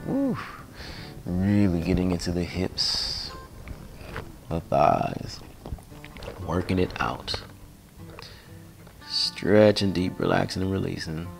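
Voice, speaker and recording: A man guiding a yoga class, relaxed and playful, sighing and joking between cues. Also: low-pitched, slow pace, creaky, long pauses. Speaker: yoga instructor. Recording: music playing behind voice.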